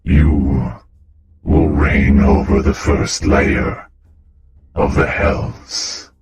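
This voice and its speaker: A man voicing a colossal, ancient male devil lord who speaks from the sky in a slow, booming proclamation. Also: little pitch movement, roomy sound, noisy background, exaggerated voice. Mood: commanding.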